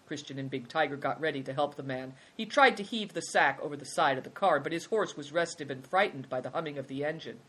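A narrator reading a children's adventure story in a steady storytelling manner. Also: mid-range voice, fast, few pauses, breathy edge. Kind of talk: audiobook narration.

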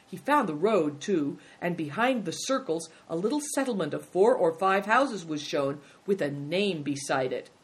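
Steady storybook reader, mid-pitched. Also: moderate pace, few pauses. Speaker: narrator. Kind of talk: storybook reading.

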